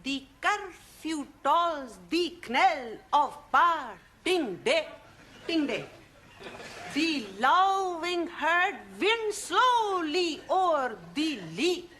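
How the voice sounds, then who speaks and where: An actress playing a woman student reciting a poem in halting broken English. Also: extremely high pitch, expressive, bright, forceful tone, a little hiss or hum, exaggerated voice. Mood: earnest. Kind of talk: 1970s studio sitcom acting.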